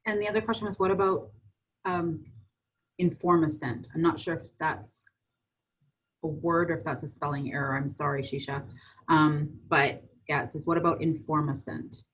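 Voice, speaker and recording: Husky low-voiced woman moderator. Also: fairly even intonation, moderate pace, fairly bright tone, rough recording. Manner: brief backchannels, reads out audience questions. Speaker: webinar moderator. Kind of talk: moderating questions. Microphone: video call.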